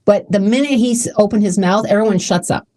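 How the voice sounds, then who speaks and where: A woman's voice: medium pitch, brisk, a little mellow. A woman hosting her own podcast, talking casually and emotionally with many restarts. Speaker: podcast host. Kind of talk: casual solo podcast talk.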